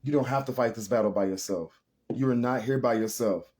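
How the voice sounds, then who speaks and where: A man's voice: mid-range voice, a little fast, darkish tone, a little hiss or hum. A man giving a casual spiritual tarot reading to viewers, talking in an earnest, emotional and rambling way. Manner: addresses viewers as y'all. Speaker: tarot reader.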